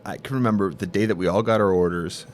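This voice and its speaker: A man's voice: sits low, fast talker, slight background noise. A man from Michigan hosting a podcast, telling stories in casual chat and swearing freely. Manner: swears freely, animated storytelling. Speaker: podcast host.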